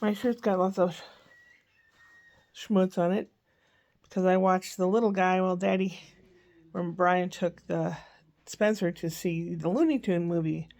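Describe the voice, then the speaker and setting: A woman's voice: lowish voice, steady tone, measured pace, pauses often, darkish tone. An older woman chatting casually in a rambling diary-style vlog, often correcting herself mid-sentence. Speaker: vlogger.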